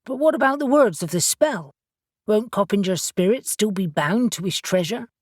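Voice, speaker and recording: A blunt, irreverent young male witch from an audiobook, raising his voice higher and louder than the narration when he pushes back, as a woman narrator puts him on. He is sarcastic and swears freely. The sound is dry and close. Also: lively intonation, normal speed, no room sound, natural voice. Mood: questioning. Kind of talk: audiobook character voice.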